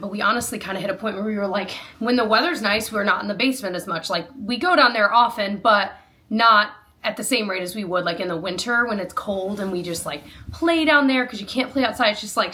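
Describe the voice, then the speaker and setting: Bright-voiced chatty woman vlogger. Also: medium pitch. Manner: chatty, rambling, self-deprecating with frequent laughs. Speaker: lifestyle vlogger. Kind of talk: casual chat while doing chores.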